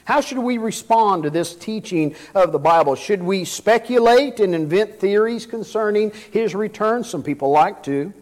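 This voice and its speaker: A man's voice: sits high, poor audio. A middle-aged man preaching a sermon, asking rhetorical questions and reading scripture aloud.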